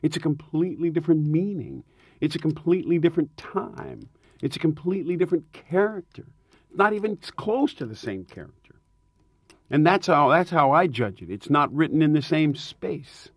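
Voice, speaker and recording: A man, a touring rock singer, telling tour stories in a casual interview, animated and emphatic, laughing often. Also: on the high side, normal speed, slightly rough, no echo, clean studio sound.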